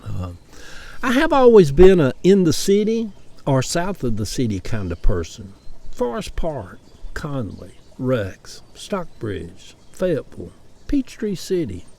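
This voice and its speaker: A man's voice: mid-range voice, huge pitch swings, unhurried, warm tone. A man from Atlanta with a Southern US accent, talking in a chatty, opinionated monologue with wry rants. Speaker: vlogger. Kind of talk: casual personal monologue.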